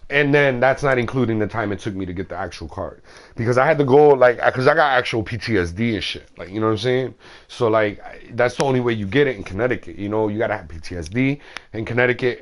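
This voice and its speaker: A man streaming a game, chatting casually in a slangy, rambling way and swearing freely. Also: mid-range voice. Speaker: gaming streamer.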